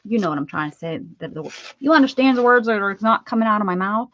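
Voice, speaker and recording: A woman's voice: mid-range voice, lively intonation, fast, a bit bright, lo-fi sound, slight background noise. A woman hosting a crafting livestream, chatting and rambling casually with viewers as she works. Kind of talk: casual chat while crafting.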